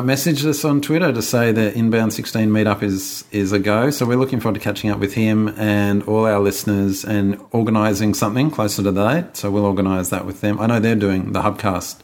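Low-voiced man co-hosting. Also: brisk. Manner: relaxed, talkative, frequent um and restarts. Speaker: podcast co-host. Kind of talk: casual podcast chat.

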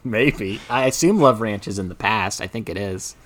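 A man with a lowish voice talks through a movie in a relaxed podcast chat. He is chatty, laughs often and slips into acting out quotes as he goes. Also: moderate pace. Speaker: podcast co-host. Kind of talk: casual film discussion.

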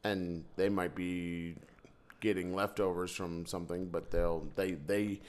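A man who works abroad, talking in casual chat in a rambling, halting way with many restarts. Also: low voice, flat delivery.

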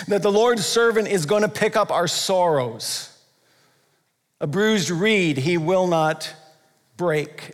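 High-voiced man preaching in a reverberant hall. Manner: emphatic, repetitive, dramatic slowing on key phrases. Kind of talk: sermon.

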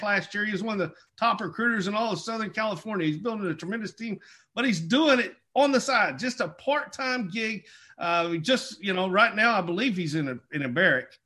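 A man hosting a video call, introducing the next guest with halting speech and many fillers. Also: high voice, sharp tone. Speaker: host.

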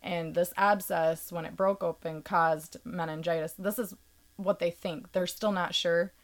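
A woman with a lowish voice talking through a hard experience in plain terms. She takes her time, stops on ums and likes, and picks her words with care. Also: steady tone, a little slow. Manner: earnest, explaining carefully with fillers. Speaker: podcast guest. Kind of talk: casual conversational explanation.

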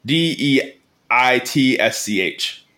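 A man's voice: mid-range voice, lively intonation, slow pace, pushed and bright. A man co-hosting a comedy podcast, reading listener mail aloud and wandering off into rambling, giggly tangents. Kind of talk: casual comedic chat.

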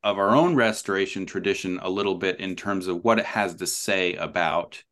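A man as a podcast guest, explaining his ideas thoughtfully with many pauses, ums and restarts. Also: sits low, a bit bright. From New Zealand. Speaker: author and guest. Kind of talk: conversational podcast interview.

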